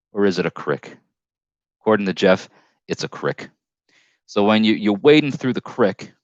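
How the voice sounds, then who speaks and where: Northern US man, lowish voice, rambling live-stream storyteller, dull dry headset sound. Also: no room sound. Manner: rambling storytelling with many restarts and self-corrections. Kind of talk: casual live stream chat.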